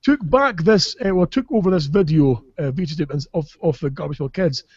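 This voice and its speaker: A man's voice: a little high, expressive, a little fast, a little mellow, slightly rough, no echo, dull audio. A man from Caithness with a Scottish accent, a podcast host telling rambling, sweary comic stories and laughing as he goes. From Caithness, Scotland. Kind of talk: casual comic storytelling.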